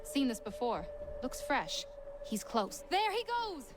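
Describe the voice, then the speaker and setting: An actress playing a practical, plainspoken frontier huntress in a video game. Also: female voice, high-pitched, sing-song, measured pace, noisy background. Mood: urgent. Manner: terse, practical. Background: game music.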